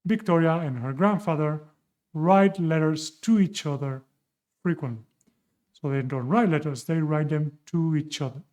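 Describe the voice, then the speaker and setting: A man with a Spanish accent teaches an online language lesson in a slightly high voice. He explains grammar patiently, a native Spanish speaker working in English, and stops to correct his own slips. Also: moderate pace, a little mellow.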